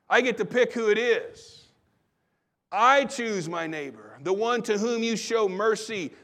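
A man with a notably high voice preaching to his congregation. He speeds up through repeated lines and slows down for emphasis, slipping into little quoted voices along the way. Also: fairly bright tone. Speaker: pastor. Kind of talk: sermon.

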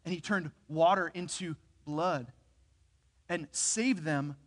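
A man preaching a sermon, telling a personal story in an earnest, animated way. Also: fairly high pitch, takes it slowly. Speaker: pastor. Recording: reverberant hall.

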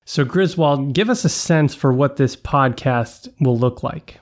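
A man co-hosting a podcast, asking scripted questions in a measured, polite way. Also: medium pitch. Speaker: podcast co-host. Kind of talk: scripted interview.

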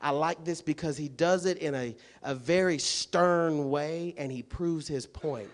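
High-voiced man preaching a fiery sermon. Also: unhurried. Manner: swings from quiet to loud, shouting key points; colloquial, emphatic preaching with rhetorical questions.

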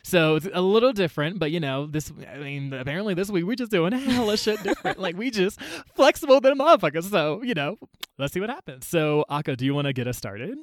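A woman's voice: low voice, animated, a little fast, dry recording. A woman co-hosting a casual chat, slangy and profane, laughing often. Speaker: podcast co-host.

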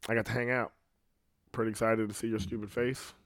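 A man's voice: fairly low pitch, flat delivery, fairly quick. Rambling, profane male podcast host. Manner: rambling, profane, swings between loud outbursts and muttering. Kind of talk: casual podcast chat. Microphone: podcast microphone.

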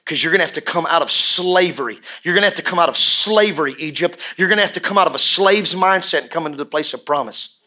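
Bright-voiced impassioned preacher man. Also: a little high. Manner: impassioned, swings from hushed to shouting; drawn-out emphatic repetitions. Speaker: pastor. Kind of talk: sermon.

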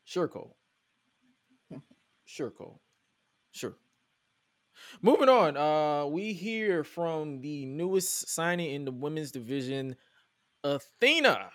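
A man hosting a podcast, recapping wrestling in casual chat, animated and incredulous as he quotes promos aloud. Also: a little high, slow pace, long pauses, dry recording. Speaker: podcast host.

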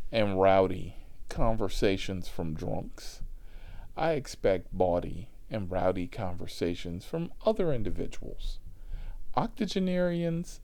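A man telling a comic story on his podcast, profane and animated with a drawling delivery. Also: fairly low pitch.

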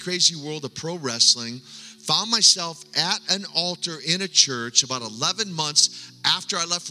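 Bright-voiced man preaching in a hall. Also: a little high. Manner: earnest, halting restarts, drops to hushed tones. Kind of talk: sermon with personal testimony. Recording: long hall reverb, faint music.

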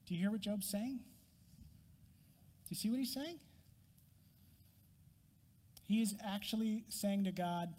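A man's voice: sits high, unhurried, pauses often, mellow, in a large hall. A man preaching a sermon, emphatic and honest, acting out Job's complaints to God with rising intensity and dropping to whispers. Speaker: pastor.

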